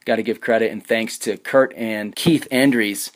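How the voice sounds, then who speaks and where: A man's voice: on the low side, steady tone, normal speed. A middle-aged man hosting a sports talk show, telling a trip story in a loose, rambling way with many restarts. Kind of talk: casual radio talk with live read ad.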